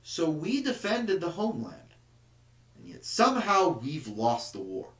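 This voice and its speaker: Man, history teacher, unhurried and emphatic lecture, echoey room. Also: on the high side, huge pitch swings, fairly bright tone. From United States. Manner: emphatic, slips into the voice of a rousing nationalist orator. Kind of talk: classroom lecture. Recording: echoey room, mic at a distance.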